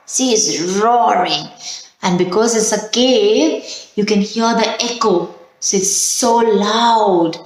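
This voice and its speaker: Slow gentle woman teacher, echoey room. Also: mid-range voice. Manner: slow, gentle, coaxing, asks children questions. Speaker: children's teacher. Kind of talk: storytime and calming exercise for young children.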